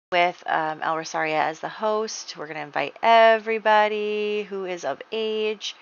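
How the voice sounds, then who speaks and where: A woman's voice: lowish voice, a bit bright, clean tone, lo-fi sound. A woman hosting a life-sim game playthrough, chatting along as she narrates the drama and acts out the characters' lines. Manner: chatty storytelling, acting out characters' dialogue. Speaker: let's-play host.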